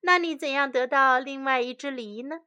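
A woman voicing a kind, fair-minded woman who gently scolds a stingy seller in a children's storybook. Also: high voice, moderate pace, highs cut off. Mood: reproachful.

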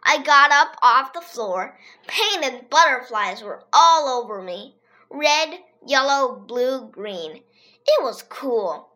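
Child reading a story, bright and lively. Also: high voice, slow. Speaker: reader.

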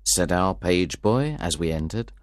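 A man reads a story as an audiobook narrator, clear and expressive. His voice is low and swings in lively pitch. The recording is close and dry. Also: measured pace, no room sound.

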